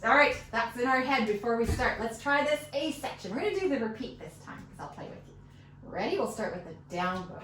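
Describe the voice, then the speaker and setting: A woman's voice: a little high, animated, fast, fairly bright tone. A woman teaching a fiddle lesson, patiently encouraging and counting beats aloud, with fiddle playing behind her. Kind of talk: one-on-one music lesson. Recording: echoey room, mic at a distance.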